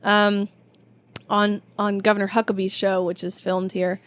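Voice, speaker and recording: A woman's voice: medium pitch, little pitch movement, a little slow, clear, resonant tone. A young woman in her twenties, a guest in a casual interview, speaking in a chatty, emphatic way. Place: tour bus.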